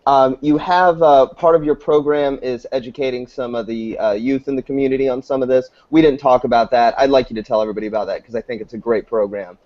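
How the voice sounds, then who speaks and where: A man's voice: medium pitch, steady tone, fast talker, few pauses. Male host on dull lo-fi audio. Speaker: show host. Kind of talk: interview hosting.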